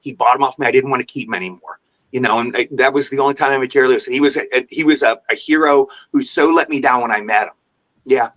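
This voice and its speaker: Man, podcast guest, quick rambling delivery, mid-range pitch, animated storyteller. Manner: rambling, animated, repeats himself. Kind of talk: anecdotal storytelling.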